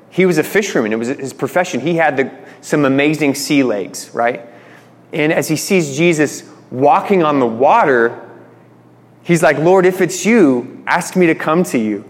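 A man's voice: a little high, lively intonation, moderate pace. Male pastor in a reverberant hall. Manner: conversational, retells stories with voiced quotes. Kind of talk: sermon.

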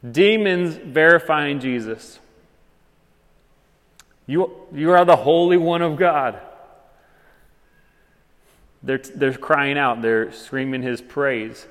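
Pastor, male, chatty conversational preacher, slightly high pitch, church hall echo. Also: a bit bright. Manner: casual, conversational preaching with many fillers. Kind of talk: sermon. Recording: long reverb of a church hall.

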